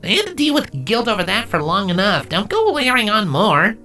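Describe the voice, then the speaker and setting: A man's voice: sits high, huge pitch swings, moderate pace, pushed and bright, faint music behind, voice pushed up, exaggerated voice. A man reading a fanfiction aloud, voicing a shy, earnest young changeling boy. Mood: protesting.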